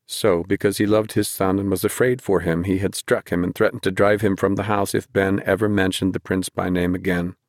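A man reading a novel aloud as an audiobook narrator, in a measured, quiet storytelling manner. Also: low voice, flat delivery, no room sound, clean studio sound. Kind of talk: scripted narration.

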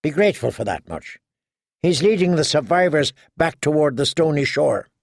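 A man voicing a calm, scornful woman warrior, an older sister, cutting and mocking. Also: fairly high pitch, moderate pace, vocal fry, no room sound, clean studio sound.

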